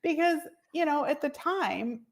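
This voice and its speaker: A woman working as a fertility coach, chatting as a podcast guest and telling her own story with lively quoted asides. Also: mid-range voice, moderate pace. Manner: chatty storyteller, animated quoting of others. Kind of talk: casual interview conversation.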